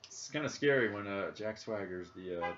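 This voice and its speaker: A young man with a Midwestern accent, speaking on the low side with lively intonation, a fairly bright tone and normal speed, rambles, jokes and thinks aloud while playing a video game in a casual chat. He's a podcast co-host, and the audio is dull and lo-fi with faint background noise.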